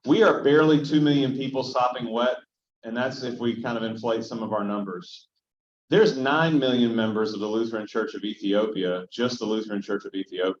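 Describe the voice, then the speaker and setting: A man's voice: medium pitch, brisk. A male pastor teaching a casual Bible study, talking conversationally and often checking in with his listeners. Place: church hall. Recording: roomy, dull lo-fi room sound.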